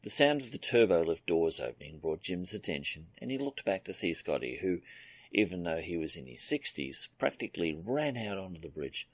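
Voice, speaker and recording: Male audiobook narrator; low, gravelly, expressive pitch, dry close mic. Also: normal speed, no room sound. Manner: steady storytelling read. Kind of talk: scripted narration.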